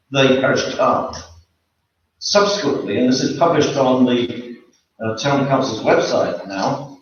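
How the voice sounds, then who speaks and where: Slow, deliberate man in an echoey meeting room. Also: medium pitch. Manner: measured and deliberate, with hesitant fillers. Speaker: member of the public addressing a council meeting. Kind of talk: formal public comment at a meeting. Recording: echoey room, far from the mic, dull sound, faint noise.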